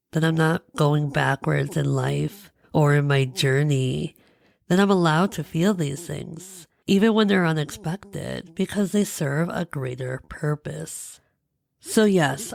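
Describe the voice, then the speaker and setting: Woman podcaster talking from the heart, low voice with some vocal fry, dry close sound. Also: a little mellow, dry recording. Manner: earnest and heartfelt, with repeated emphatic phrases. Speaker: podcast host. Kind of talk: reflective solo podcast monologue.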